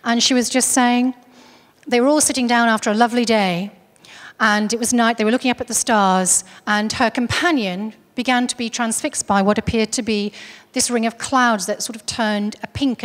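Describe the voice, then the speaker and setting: A woman's voice: on the high side, normal speed, long reverb tail. A woman giving a talk, earnestly recounting a case story with frequent restarts. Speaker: speaker on UFO contactees.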